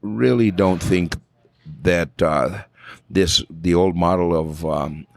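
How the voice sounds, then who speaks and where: A man's voice: low-pitched, takes it slowly, a little mellow, no echo, clean studio sound. A man with a New Mexican accent, a flamenco singer talking as a podcast guest, thoughtful and often repeating words as he searches for them. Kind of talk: casual conversation.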